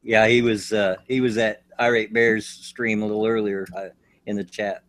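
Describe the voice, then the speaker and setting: A man's voice: fairly low pitch, little pitch movement, moderate pace, background noise. A man casually chatting on a group livestream in an easygoing, agreeable way. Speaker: livestream guest.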